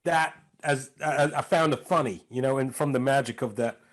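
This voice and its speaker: A comedian and impressionist talking as a podcast guest, telling stories in an animated way and slipping in and out of voices. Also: male voice, mid-range voice, moderate pace. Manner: animated storyteller, slips into impressions. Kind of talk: casual interview chat.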